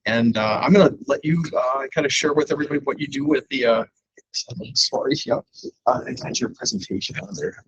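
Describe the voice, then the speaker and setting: A man instructing a class in a casual, halting way with many fillers. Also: mid-range voice, breathy edge, no room sound, muffled recording.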